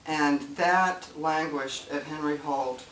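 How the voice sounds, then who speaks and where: An older woman speaking as guest at a writers' meeting, chatty and animated, acting out quoted voices as she tells stories. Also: deep voice, takes it slowly. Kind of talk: casual storytelling talk. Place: meeting room. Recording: far-off mic in an echoey room with faint noise.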